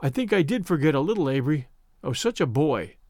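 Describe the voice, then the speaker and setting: An earnest young suitor in a storybook, speaking low and softly with gentle reproach, as the reader voices him. The sound is dry and close. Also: male voice, big pitch swings, quick pace, no room sound. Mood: tender. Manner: soft, reproachful.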